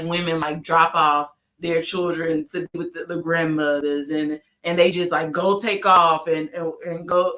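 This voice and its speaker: Woman in her thirties, bright forceful voice, lowish pitch, candid chat, short of breath at times. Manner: animated storytelling with many restarts, jumps high when excited. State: short of breath from throat trouble. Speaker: podcast co-host.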